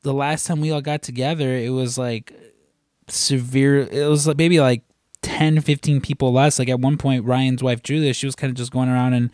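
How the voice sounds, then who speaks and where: Man, podcast co-host, casual rambling chat, filler-heavy, average pitch, dry recording. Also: little pitch movement, moderate pace, a little mellow, no echo. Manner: rambling, many fillers and restarts.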